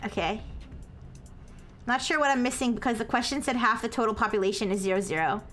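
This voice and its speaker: Woman streamer, high and bright, slow tutoring delivery, apologetic when corrected; faint music underneath. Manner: explains step by step with frequent "okay?" and "all right?" checks; self-described as highly caffeinated. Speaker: streamer working through a math problem. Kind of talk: live-stream explaining math to chat.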